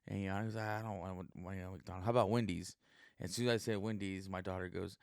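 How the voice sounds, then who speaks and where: Low, smooth-voiced man rambling casually. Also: steady tone, racing, dry recording, clean studio sound. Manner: rambling and profane, heavy with fillers. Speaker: podcast host and stand-up comic. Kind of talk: casual solo podcast monologue.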